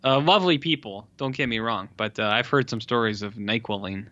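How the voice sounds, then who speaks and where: A man's voice: lowish voice, a little fast, pushed and bright. A man co-hosting a podcast, chatting casually about a film with wry, joking asides. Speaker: podcast co-host. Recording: dry, dull lo-fi mic.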